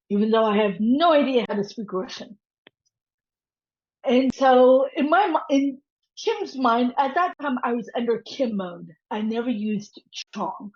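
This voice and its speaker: A woman guest on an interview show, telling a story and animatedly acting out the voices of the people in it. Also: a little high. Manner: animated, quotes voices as she tells. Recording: dull lo-fi audio.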